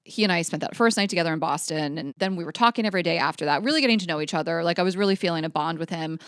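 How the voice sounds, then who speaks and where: Candid woman podcast co-host, lowish voice. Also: rapid-fire, clean tone, no room sound, clean studio sound. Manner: animated storytelling, acts out her own past thoughts. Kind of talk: candid casual chat.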